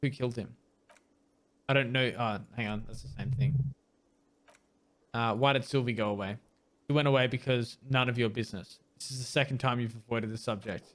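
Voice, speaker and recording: A man's voice: medium pitch, steady tone, a little fast, long pauses. A man hosting a let's play, reading game dialogue aloud and breaking in with wry asides, sometimes tripping over hard words. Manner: reads text plainly, mixed with wry asides.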